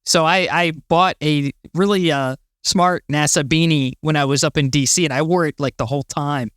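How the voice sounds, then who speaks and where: A woman's voice: low-pitched, normal speed, no room sound, studio quality. Bubbly woman podcast co-host. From Florida. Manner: bubbly, laughs, agrees a lot. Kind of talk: casual chat.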